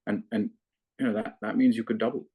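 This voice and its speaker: A man working as a fund manager, explaining investments in a measured, analytical way with frequent restarts. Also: lowish voice, little pitch movement, mellow, breathy edge. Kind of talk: investment interview.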